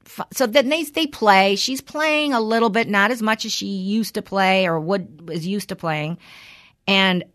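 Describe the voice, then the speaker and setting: A woman's voice: mid-range voice, measured pace, a bit bright. A middle-aged woman hosting a podcast, chatting candidly and venting with frustration, swearing freely. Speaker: podcast host. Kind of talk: casual chat.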